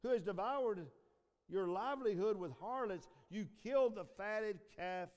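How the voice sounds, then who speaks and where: A man preaching a sermon who repeats and restarts his phrases, rises to emphatic peaks, then trails off low. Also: unhurried, darkish tone. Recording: long hall reverb.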